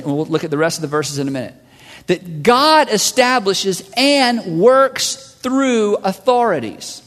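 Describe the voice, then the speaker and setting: A man preaching a sermon as a pastor, animated and acting out voices of listeners and God. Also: very high-pitched. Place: large church hall. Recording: long hall reverb.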